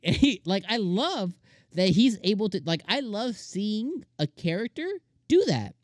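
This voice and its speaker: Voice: mid-range voice, big pitch swings, dry recording, clean studio sound. A host giving a casual anime episode review, talking enthusiastically and rambling with many restarts and fillers. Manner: acts out characters' lines in quick voices.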